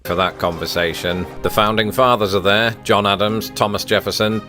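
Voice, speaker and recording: A man's voice: on the low side, steady tone, moderate pace, bright, forceful tone. A man delivering scripted comedic narration with a dry, wry tone over faint background music. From Britain. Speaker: YouTube creator.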